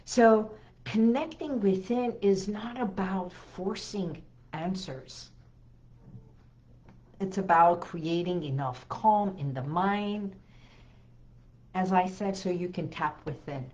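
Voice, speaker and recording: A hypnotherapist woman giving an inspirational talk to camera, speaking slowly and soothingly with gentle emphasis and repetition. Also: mid-range voice, dull audio. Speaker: hypnotherapist and healing coach.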